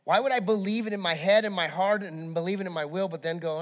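A man preaches with a high, bright-sitting voice, building his sermon through animated storytelling. He swings from quiet asides to fired-up peaks as he tells his story. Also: fast talker, hardly any pauses, big-room sound. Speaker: pastor.

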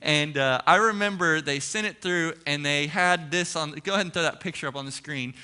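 Male pastor telling a story in his sermon, kinda high voice, acts out the dialogue. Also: fairly quick, clear, resonant tone. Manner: animated storytelling, acting out quoted dialogue.

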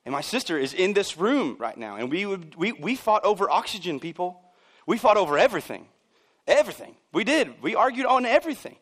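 Brief: male pastor in church, fairly high voice, casual humor, acts out quoted voices. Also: very animated, brisk, fairly bright tone. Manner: conversational and joking, acts out voices of people he quotes. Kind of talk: sermon.

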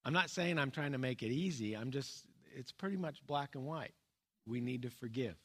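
A man preaching a sermon in an earnest, plain-spoken way. His voice sits at an ordinary middle pitch, and he often pauses and restarts. He lets key points fall low and soft. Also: lively intonation, slightly rough. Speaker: pastor.

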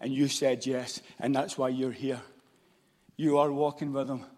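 A man with a Scottish accent preaching a sermon, moving between loud shouts and hushed, intense passages. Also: medium pitch, flat delivery, unhurried. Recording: long hall reverb.

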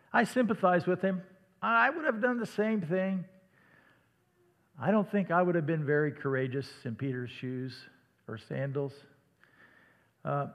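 A man with a slight Midwestern accent preaches in a chatty, plain-spoken way and often sinks to a hush for weight. His voice sits a little high for a man. The hall behind him rings with a long reverb. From Iowa. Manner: conversational, dramatic dips to a hush. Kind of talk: sermon.

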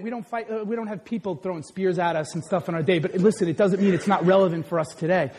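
A man in his forties preaching a lively sermon, who often breaks into shouts as he acts out scenes. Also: high voice, fast talker, slightly rough. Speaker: pastor who also teaches school.

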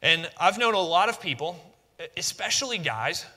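A man preaching a sermon in a church, animated and conversational, leading the room in shouts. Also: high-pitched, normal speed. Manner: animated, leads call-and-response shouts, conversational asides. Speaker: pastor. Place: church sanctuary.

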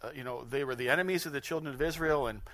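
A man preaching a sermon in an animated, conversational way, often chuckling at his own points. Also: medium pitch, rapid-fire. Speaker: pastor.

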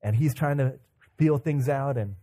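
A man with a mellow, medium-pitched voice preaches a sermon at an unhurried pace. His style is conversational, with many fillers and repeats, and he acts out inner thoughts as he tells stories.

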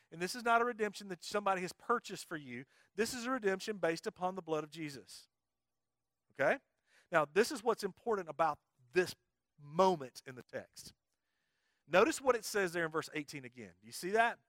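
A man's voice: sits high, fairly bright tone, dry recording, studio quality. A middle-aged male pastor, preaching emphatically and quizzing his congregation. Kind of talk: sermon.

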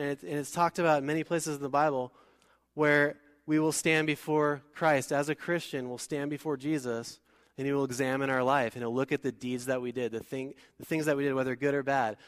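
Pastor with resonant voice. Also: male voice, mid-range voice. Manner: conversational, joking asides, reads scripture slowly. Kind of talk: sermon. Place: church hall. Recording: long hall reverb.

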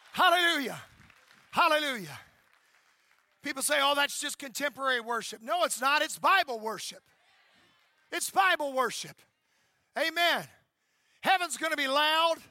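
A male pastor in his fifties delivers a fervent sermon in a church, shouting and calling out to the congregation. His voice sits very high and rings with a sharp, piercing brightness. The sound is dry and close, with little room reflection. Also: no echo. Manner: fervent, shouting, call-and-response preaching. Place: church sanctuary.

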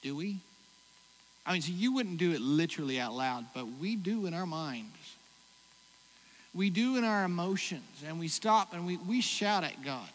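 A man preaching a sermon as pastor, swinging between loud exclamations and hushed reflection. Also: high voice, expressive, normal speed. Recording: hall reverb, faint noise.

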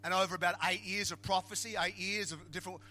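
A middle-aged Australian man preaching a humorous sermon as a pastor, telling jokey stories in an animated way and building to emphatic shouts. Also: high voice, fast.

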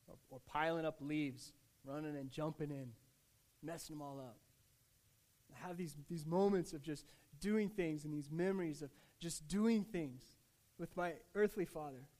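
A male pastor with a notably high voice delivers a heartfelt sermon. He talks in a conversational way, restarting phrases and dropping casual asides. His delivery dips to a near hush and then rises to emphatic, louder stretches. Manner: earnest, with swings between hushed and emphatic delivery.

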